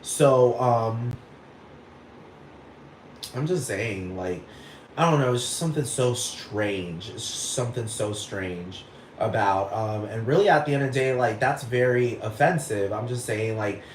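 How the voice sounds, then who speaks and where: Solo podcast man from Texas, rambling and foul-mouthed, mid-pitched voice, roomy echo with a faint hiss. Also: measured pace. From Texas, United States. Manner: rambling, profane, keeps asking if you follow. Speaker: podcast host. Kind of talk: casual monologue rant. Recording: echoey room with faint noise.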